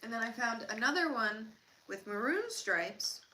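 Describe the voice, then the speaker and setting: A chatty woman co-hosts a relaxed livestream, talking in loose, rambling bursts full of fillers and restarts. Her voice sits a little high and has a bright, crisp edge. A faint ambient hum sits behind her. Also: unhurried, rough recording. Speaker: livestream co-host. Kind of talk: casual livestream chat while eating.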